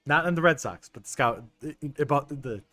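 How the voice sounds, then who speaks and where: A young man streaming a baseball management game, chatting casually with his viewers, excitable and stumbling over restarts. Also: on the high side, fairly quick, no room sound. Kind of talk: casual gameplay commentary talking to chat. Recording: dry close mic with faint game music.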